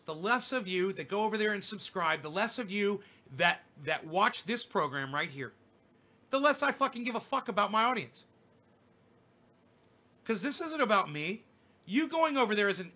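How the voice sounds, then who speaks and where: A man's voice: high voice, bright, forceful tone. A man delivering an angry, profane livestream rant, berating his audience in a confrontational way. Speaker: streamer. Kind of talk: ranting livestream monologue.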